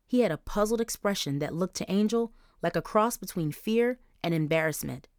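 A woman narrating a young-adult novel as an audiobook, in clear, even storytelling. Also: fairly low pitch, normal speed, no echo, studio quality. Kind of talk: scripted narration.

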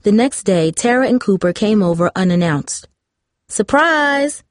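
A woman narrating a novel in a measured audiobook reading, giving the characters light voices of their own. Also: mid-range voice, mellow, no room sound, studio quality.

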